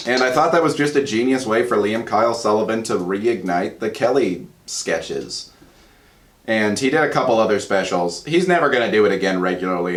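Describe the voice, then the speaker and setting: A man talking casually to camera about comedy sketches he loves, earnest and rambling, going soft and quiet in emotional moments. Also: fairly low pitch. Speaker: YouTuber. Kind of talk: casual commentary vlog.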